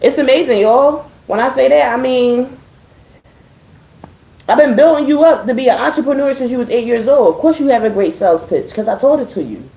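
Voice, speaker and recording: Chatty woman with a mellow voice. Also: high voice, lively intonation, fairly quick, reverberant, rough recording. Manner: chatty, profane, addressing viewers as y'all; dry sarcasm. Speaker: live streamer. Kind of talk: casual live-stream chat.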